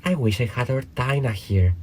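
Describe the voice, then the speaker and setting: A man voicing a polite, anxious young girl in a storybook reading, lifting his voice high and light. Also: expressive, normal speed, darkish tone, close to an everyday voice. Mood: anxious, eager. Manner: light and eager, raised voice.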